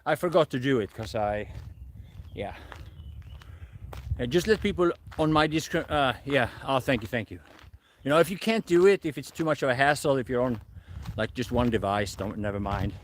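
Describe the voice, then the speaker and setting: A man's voice: medium pitch, expressive, normal speed, a little hiss or hum. A man live streaming from a forest, chatting with viewers in a rambling, self-correcting way, a little out of breath. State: slightly out of breath. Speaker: livestreamer. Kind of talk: casual live stream chat. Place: forest outdoors.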